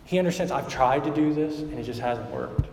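A man's voice: medium pitch, fairly quick, a little hiss or hum. Male pastor, chatty sermon delivery, recorded from afar in a reverberant hall. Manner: conversational preaching, many fillers like "like" and "right?". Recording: echoey hall, mic at a distance.

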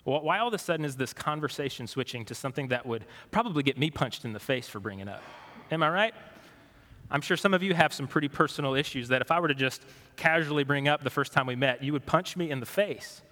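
A man preaching a sermon as pastor, conversational and questioning, moving between animated and hushed delivery. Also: on the high side, fast talker, in a large hall.

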